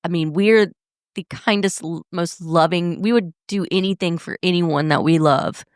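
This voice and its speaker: Low, gravelly-voiced woman podcaster. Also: normal speed, no room sound, clean studio sound. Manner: candid, blunt, swears freely. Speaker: podcast host. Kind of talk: casual podcast monologue.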